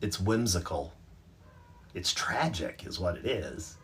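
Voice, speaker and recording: Speaking slowly in a deep, expressive voice that's a bit bright, a livestream host from North Carolina chats casually and pokes fun at himself while answering viewer comments. A little hiss or hum runs under the audio.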